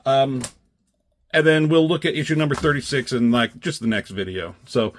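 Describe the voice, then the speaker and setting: A man's voice: mid-range voice, lively intonation, normal speed, slight background noise. A man reviewing comic strips in a casual, rambling chat, swearing freely and acting out characters' lines in raised voices.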